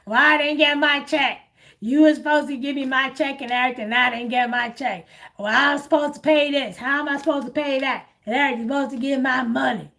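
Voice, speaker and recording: A woman's voice: high voice, steady tone, fairly quick, a bit bright. A woman mimicking a fed-up woman client who complains about her money. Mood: indignant. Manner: complaining, indignant.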